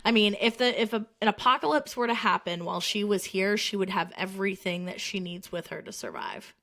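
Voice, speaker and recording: A woman co-hosting a podcast in casual chat, teasing her friend and quick to laugh. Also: medium pitch, pushed and bright. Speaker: podcast co-host.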